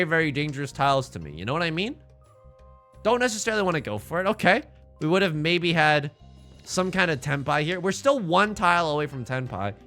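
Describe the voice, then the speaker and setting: A man chatting through a live game stream, his goofy, rambling jokes riding on a bright, sharp voice. His pitch sits a bit high and jumps around a lot. Soft game music plays faintly underneath. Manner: goofy, rambling, joking with chat between plays. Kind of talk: live-stream gameplay commentary.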